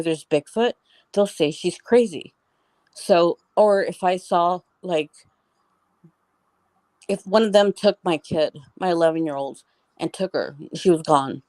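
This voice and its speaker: A woman's voice: on the low side, measured pace, a little mellow, no echo. A middle-aged woman telling a story as an interview guest, in a rambling, casual way full of "like" and restarts.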